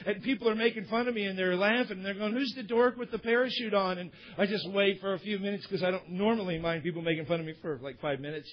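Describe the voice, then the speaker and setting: Male preacher, high-pitched and husky, tells illustrations in a chatty, candid sermon; dull lo-fi sound. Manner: candid, conversational asides to the congregation. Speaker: pastor. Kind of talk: sermon with storytelling. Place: church service. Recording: dull lo-fi recording.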